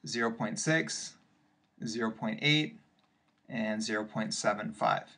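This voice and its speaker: A man's voice: lowish voice, measured pace, sharp tone. A male math teacher walking patiently through worked examples in a recorded lesson, step by step with occasional fillers.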